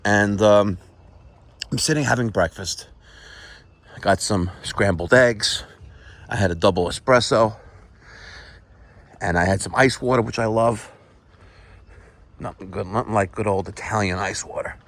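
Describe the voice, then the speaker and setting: A man's voice: fairly low pitch, measured pace, pauses often, fairly bright tone. A middle-aged man vlogging casually while walking around a resort, chatting to viewers and sometimes dropping to a whisper. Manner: chatty, addresses viewers as folks, drops to a whisper at times. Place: outdoors at a resort with pools.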